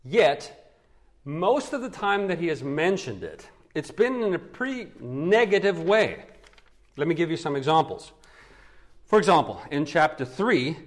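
A pastor preaching a verse-by-verse sermon. His voice sits a little high for a man and swings widely up and down as he asks and answers rhetorical questions. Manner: lively teaching with rhetorical questions. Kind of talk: expository sermon.

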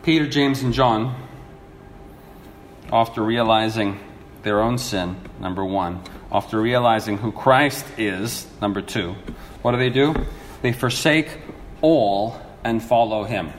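Earnest preacher in an echoey hall. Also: male voice, fairly low pitch, unhurried, slight background noise. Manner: earnest, animated, acts out quotes with laughs. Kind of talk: sermon. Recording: echoey hall with faint ambience.

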